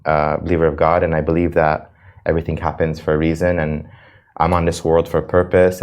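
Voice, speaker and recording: A man's voice: deep voice, a little mellow. A man from the United States, an interview guest, speaking earnestly and passionately, often restarting his sentences. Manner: earnest and impassioned, with frequent restarts. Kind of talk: emotional interview talk.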